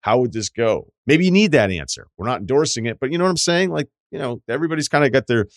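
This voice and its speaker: A man's voice: a little high, very animated, rapid-fire, no room sound, studio quality. A man hosting a podcast advice segment, reading listener letters aloud and answering in a candid, joking way with rambling asides. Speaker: podcast host.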